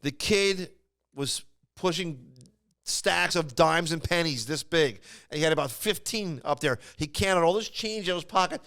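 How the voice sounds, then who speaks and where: Smooth-voiced man telling a rambling story. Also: a little high, unhurried, fairly bright tone. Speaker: podcast co-host. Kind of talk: casual chat.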